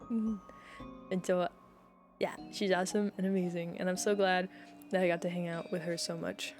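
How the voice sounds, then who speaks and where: A woman's voice: on the low side, flat delivery, moderate pace, a little mellow, soft background music. A young woman streamer chatting casually with her viewers, talking in a rambling, heartfelt way.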